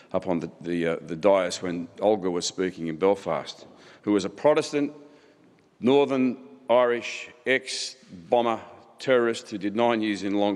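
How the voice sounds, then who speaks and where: Middle-aged guy giving a keynote, fairly low voice, heated and repetitive, big hall echo. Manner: impassioned, rhetorical repetition. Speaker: keynote speaker. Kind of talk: conference keynote speech. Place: large conference hall. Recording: hall reverb.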